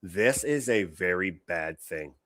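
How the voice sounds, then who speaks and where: A man's voice: low voice, lively intonation, slow, fairly bright tone, no room sound, studio quality. A man hosting a show, giving blunt, opinionated reaction commentary on clips, swearing often and restarting his sentences.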